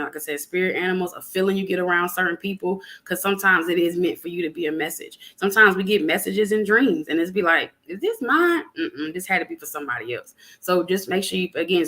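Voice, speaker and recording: Bright-voiced woman giving spiritual advice. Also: fairly low pitch, fast, hardly any pauses. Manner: animated, preachy, plainspoken with lots of fillers. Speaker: podcast guest. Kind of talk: casual spiritual chat.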